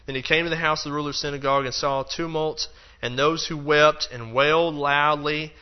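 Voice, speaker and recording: A man's voice: on the high side, steady tone, a little fast, clean tone, muffled recording. A man teaching a Bible lesson in a loose, conversational way, acting out the quotes and dropping in plenty of fillers. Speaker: preacher.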